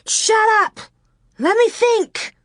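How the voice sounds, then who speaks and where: A woman playing a tense young frontier girl in a storybook, sharp, high, raised. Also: moderate pace, dry recording, studio quality, natural voice. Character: desperate young pioneer girl, older sister.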